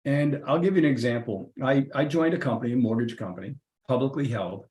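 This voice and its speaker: Middle-aged man, lively storyteller, mid-pitched voice, roomy echo on the track. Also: fairly quick. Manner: lively, acts out the people in his stories. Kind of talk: casual anecdotal storytelling. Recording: roomy echoey room.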